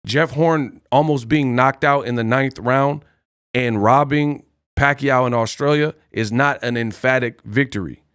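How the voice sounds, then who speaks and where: A man's voice: medium pitch, a little slow, a bit bright, clear, resonant tone, no room sound, studio quality. A man hosting a boxing live stream, ranting boastfully and taunting his chat with repeated challenges. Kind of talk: heated live stream rant.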